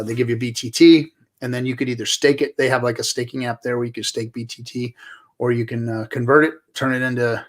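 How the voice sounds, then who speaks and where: Laid-back joking male co-host. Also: medium pitch. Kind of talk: casual crypto chat.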